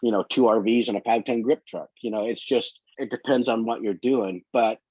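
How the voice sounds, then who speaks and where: A man's voice: mid-range voice, fairly even intonation, normal speed, darkish tone, breathy edge, no room sound. A man telling long, winding work stories as a guest in a casual interview. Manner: rambling, long winding anecdotes. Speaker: photographer guest. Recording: dull lo-fi dry sound.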